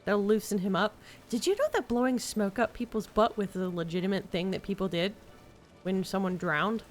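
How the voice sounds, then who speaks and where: A woman's voice: mid-range voice, moderate pace, faint music behind. A woman streamer chatting casually and reading game dialogue aloud with a giggly, playful manner.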